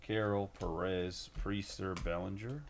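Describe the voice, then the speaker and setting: A man's voice: low voice, steady tone, unhurried, creaky. A man hosting a live card break, rattling off player names with joking asides in casual stream chat.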